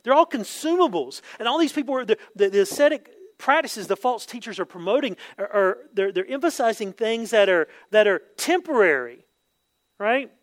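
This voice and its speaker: A man with a notably high speaking voice delivers an expository sermon in a relaxed, conversational way. He checks in with his listeners by asking "right?" again and again. When he quotes someone, he acts the words out with sudden jumps in pitch. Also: normal speed. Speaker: pastor.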